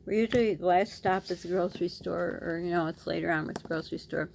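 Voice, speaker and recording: A woman's voice: fairly low pitch, fast, gravelly, slight background noise. A middle-aged woman and mother vlogging, telling a story in a casual, scattered way and talking with her hands. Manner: scattered, talks with her hands, animated retelling. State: dry lips.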